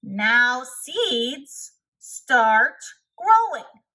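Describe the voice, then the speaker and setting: A woman voicing an impatient male toad in a storybook read-aloud, loud and fretful. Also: high voice, animated, slow, pitched above the performer's own voice, heavily acted. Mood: shouting. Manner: loud, shouting.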